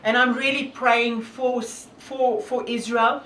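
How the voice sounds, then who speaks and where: A woman's voice: on the high side, flat delivery, takes it slowly, fairly bright tone, echoey room, recorded from a distance, slight background noise, low-quality recording. A woman from South Africa with a South African accent, talking earnestly and devoutly to camera with many fillers. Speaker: hiker and vlogger. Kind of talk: casual talk to camera.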